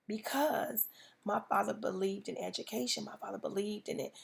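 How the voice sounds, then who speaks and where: A woman's voice: medium pitch, steady tone, fairly quick, gravelly. A woman, hosting a podcast and speaking tenderly and earnestly to listeners with many "you know" fillers. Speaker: podcast host. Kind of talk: personal reflection to listeners.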